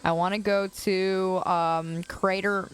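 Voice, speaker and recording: A woman's voice: mid-range voice, level tone, takes it slowly, clear, resonant tone. Chatty young woman streaming outdoors. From Chicago area. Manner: chatty, laughs often, answers chat comments. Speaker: livestreamer. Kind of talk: casual chat with viewers. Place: outdoors on a quiet suburban curb.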